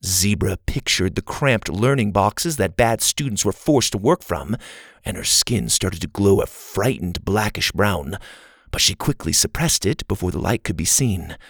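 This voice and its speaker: Expressive male storyteller with a lively voice. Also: on the low side, measured pace, gravelly, no room sound, clean studio sound. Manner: expressive, varied delivery. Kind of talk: scripted narration.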